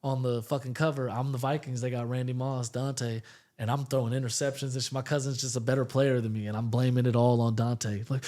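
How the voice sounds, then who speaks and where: A man who is a stand-up comedian, talking candidly and profanely in a casual podcast interview, telling stories with lively asides. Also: medium pitch, a little fast. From Puerto Rican roots, raised in the Bay Area.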